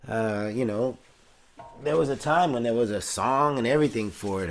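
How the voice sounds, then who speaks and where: A man's voice: on the low side, brisk. A middle-aged man hosting a casual chat, rambling with many fillers and restarts. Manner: rambling, warm-hearted, breaks into singing. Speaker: host.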